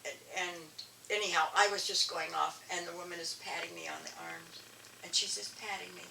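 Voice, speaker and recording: Older woman telling a lively story. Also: on the low side, brisk, gravelly, a little hiss or hum. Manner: animated storyteller with frequent restarts. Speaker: guest elder and artist. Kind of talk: storytelling interview. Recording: echoey room, distant mic, faint ambience.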